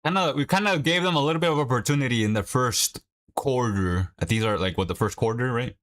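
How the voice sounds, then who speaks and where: A young man chatting casually while watching a match live and coaching viewers through a quick workout. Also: mid-range voice, fairly bright tone. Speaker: livestream host. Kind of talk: casual watch-along chat.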